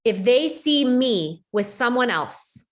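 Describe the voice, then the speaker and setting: A woman coaching her team in a lively motivational talk, dropping in lots of "like" and "right?". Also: a little high, slow pace. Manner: animated, acts out quoted voices, frequent "like" and "right?". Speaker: network marketing team leader.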